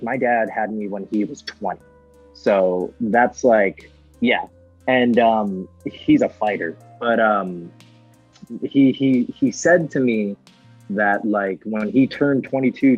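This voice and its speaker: A man's voice: medium pitch, a little mellow, husky, highs cut off. A young man, a guest singer, chatting casually on a podcast, hesitant with many fillers and restarts. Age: young adult.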